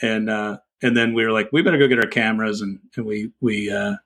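Husky man telling a casual story. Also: on the low side, brisk. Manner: relaxed storytelling, many fillers. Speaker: podcast co-host. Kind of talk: casual chat.

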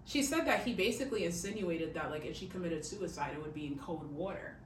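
This woman speaks quickly in a fairly low voice as she hosts a podcast, chattily relating a true-crime tale packed with "like" and "okay?". The room is echoey, the mic distant, and there's a faint hiss.

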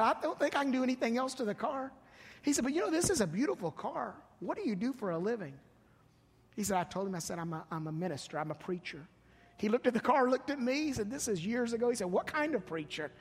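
A male pastor telling a long story in a sermon, repeating "he said" and building to loud, emphatic bursts. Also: high voice, slight background noise. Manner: retells a story with many "he said" tags, rising to loud emphatic bursts. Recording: long reverb of a church hall.

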